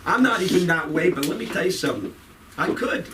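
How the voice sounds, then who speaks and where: A man's voice: a little high, animated, a little fast. Guy doing crowd work at a comedy club, rambling and swearing, far from the mic, noisy room. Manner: rambling, profane, teasing the audience. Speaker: stand-up comedian.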